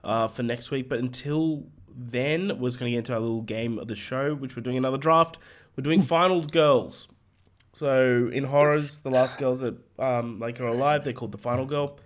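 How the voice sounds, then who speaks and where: A man's voice: medium pitch, moderate pace. An Australian man co-hosting a movie podcast, enthusiastic and casual, running the show's segments, his voice a little worn. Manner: enthusiastic, runs the show segments. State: voice going hoarse. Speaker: podcast co-host. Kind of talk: casual chat.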